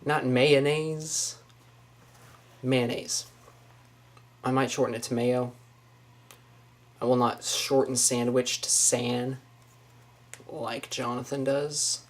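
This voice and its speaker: A woman's voice: extremely low pitch, flat delivery, slow, long pauses. A young woman with a Northwest Florida Southern accent, musing casually over a list of words in her apartment, saying each word and then commenting on it. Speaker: vlogger. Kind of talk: casual accent-tag video. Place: small apartment indoors.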